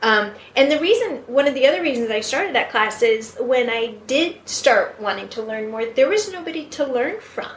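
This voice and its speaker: A woman's voice: sits high, animated, moderate pace, few pauses, slight background noise. Chatty woman guest in an echoey room. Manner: chatty, many fillers, laughs often. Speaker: guest medium. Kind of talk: casual podcast chat.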